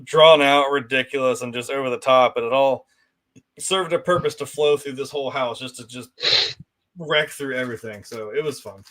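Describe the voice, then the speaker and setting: A man's voice: medium pitch, moderate pace, a bit bright. A man co-hosting a casual movie review podcast, laid-back and full of "like", acting out scenes he enjoyed. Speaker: podcast co-host.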